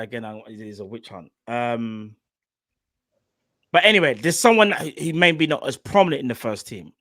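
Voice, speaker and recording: Animated man, slangy, dry sound. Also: medium pitch, no echo. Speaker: football podcast co-host. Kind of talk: casual chat.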